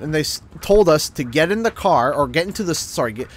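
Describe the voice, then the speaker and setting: A man's voice: on the high side, quick pace, slight background noise. A man streaming a game, telling a story casually and acting out what other people said. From Canada. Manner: animated, acts out other people's lines in changed voices. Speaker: gaming streamer.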